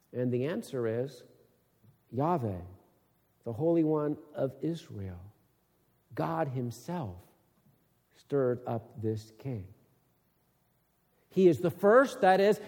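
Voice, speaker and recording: A man's voice: high voice, in a large hall. A man teaching from the Bible in sermon style. He reads scripture aloud, then explains it with rising, emphatic questions. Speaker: preacher.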